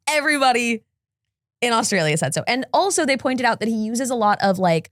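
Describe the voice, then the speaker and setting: A woman co-hosting a casual talk show, chatty and animated as she explains online gossip. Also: on the high side, fairly quick, no room sound, clean studio sound. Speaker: co-host.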